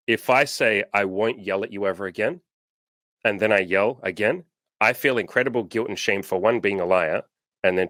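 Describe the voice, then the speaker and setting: A man speaks in a notably low voice, talking frankly and with emphasis as he coaches. The sound is dry and close, with no room around it. He swears freely in casual interview chat. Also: fairly bright tone, dry recording. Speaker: coach and host.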